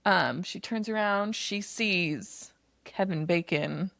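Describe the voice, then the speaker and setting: A woman's voice: fairly low pitch, slow, gravelly, no room sound. A woman co-hosting a podcast, casually recapping a movie and acting out bits of dialogue. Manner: animated retelling, acts out quotes. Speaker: podcast co-host.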